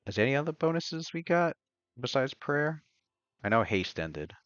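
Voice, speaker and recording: A man playing a tabletop game, talking quietly and hesitantly, often mumbling to himself. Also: mid-range voice, very animated, normal speed, no room sound, lo-fi sound. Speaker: player. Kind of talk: casual tabletop game play.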